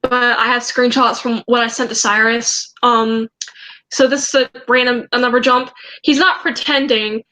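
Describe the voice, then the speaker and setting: A young woman vlogger telling a story in a casual way, reading out chat messages and often pausing to hesitate and restart. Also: a little high, flat delivery, sharp tone, poor audio. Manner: hesitant, halting, with many ums and restarts.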